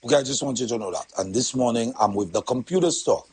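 A man's voice: medium pitch, animated, fast talker, a little mellow, slightly rough, dry recording, low-quality recording. A man hosting a casual morning show, chatty and laughing often as he greets listeners by name. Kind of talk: casual live morning chat with sponsor shout-outs.

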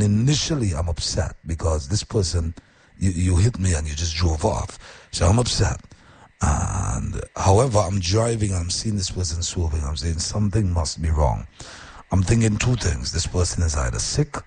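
Male radio host, very low and deeply husky, animated storyteller with an earnest, exhorting manner. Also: moderate pace. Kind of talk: casual on-air storytelling and advice.

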